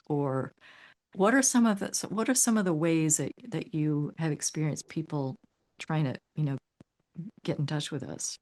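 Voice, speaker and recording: A woman's voice: low-pitched, a little mellow. A woman interviewer sharing a story and asking questions in a musing way, full of fillers. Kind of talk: conversational interview.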